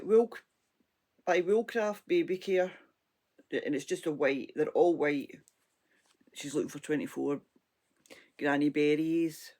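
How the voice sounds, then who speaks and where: Hoarse, chatty Scottish woman. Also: low voice, a little mellow. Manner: rambling, chatty, laughs often. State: hoarse, froggy throat. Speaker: crochet vlogger. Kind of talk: casual crafting chat.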